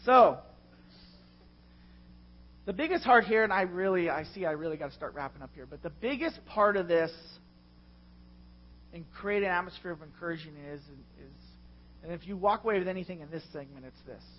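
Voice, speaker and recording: A middle-aged man preaching a sermon as a pastor, passionate and confessional, with loud swells. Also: high-pitched, expressive, brisk, long pauses, lo-fi sound. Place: church.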